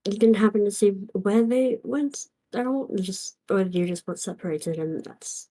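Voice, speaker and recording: A woman speaks in character at a tabletop game, hesitant and apologetic, with lots of ums. Her voice is mellow and warm. She sounds unsure and keeps pausing. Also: mid-range voice, expressive, low-quality recording. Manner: hesitant, apologetic, many fillers. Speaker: player voicing a tiefling character. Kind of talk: in-character tabletop role-play.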